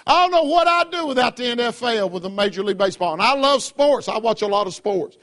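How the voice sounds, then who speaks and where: A man's voice: extremely high pitch, lively intonation, fast, fairly bright tone. A man preaching a sermon fervently, calling out for amens from the congregation. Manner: fervent, calls for "Amen?" from the congregation.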